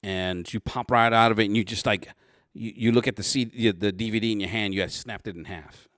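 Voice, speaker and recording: Give me a man with a lowish voice, game-mastering a tabletop game in a dry room with halting narration. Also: fairly even intonation, a bit bright, no echo. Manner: halting, restarts often while describing scenes.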